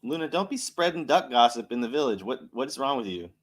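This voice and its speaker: A playful co-host in a casual livestream chat, teasing the host with mock outrage. The voice sits at middle pitch but swings widely in melody. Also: animated, quick pace.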